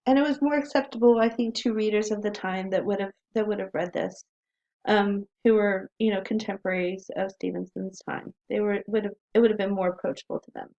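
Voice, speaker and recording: Woman, writing teacher, recorded class lecture, friendly, frequent ums, medium pitch, lo-fi. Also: fairly even intonation, a little fast, gravelly, dark tone. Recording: dull lo-fi recording.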